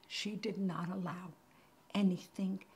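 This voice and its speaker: A woman hosting and teaching a Torah class, telling the story with animated energy and sometimes dropping to a near-whisper for emphasis. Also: on the low side, unhurried.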